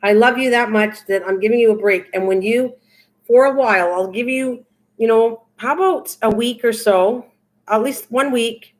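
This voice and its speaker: A woman's voice: on the high side, moderate pace. Goofy older woman chatting to viewers. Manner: goofy, teasing, rambling. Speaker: craft livestream host. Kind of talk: casual chat with live viewers.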